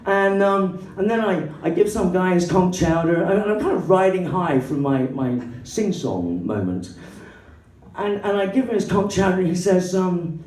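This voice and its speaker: An English woman doing stand-up comedy, an excitable, swearing storyteller who acts out the people in her story. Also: moderate pace. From England. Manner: excitable, swearing, acting out characters in shrill put-on voices. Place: comedy club stage. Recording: roomy hall, voice from a distance, faint background noise.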